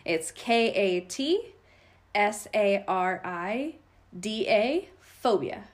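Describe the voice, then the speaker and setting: A woman's voice: medium pitch, lively intonation, drawn-out words. A woman co-hosting a casual podcast, quizzing her co-host on phobias in a chatty, teasing way. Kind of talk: casual chat quiz about phobias.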